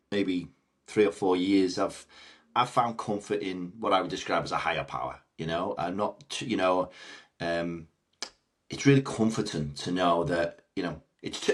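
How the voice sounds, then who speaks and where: A man hosts a podcast conversation in a fairly low voice. He muses aloud, stopping and restarting his sentences and leaning on frequent fillers as he works through his thoughts. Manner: halting, many restarts and 'you know' fillers. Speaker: podcast host. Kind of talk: reflective conversational interviewing. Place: podcast studio.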